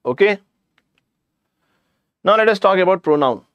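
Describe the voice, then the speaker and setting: A man's voice: sits high, lively intonation, unhurried, no echo, lo-fi sound. A man with an Indian English accent teaching a live online grammar class, chatty, addressing students directly and slipping in jokes.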